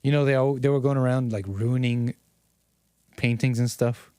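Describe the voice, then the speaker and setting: A man's voice: medium pitch, steady tone, normal speed, mellow, smooth, no echo, studio quality. A man hosting a stream, giving sarcastic, rambling commentary on news clips. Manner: mocking, rambling, incredulous.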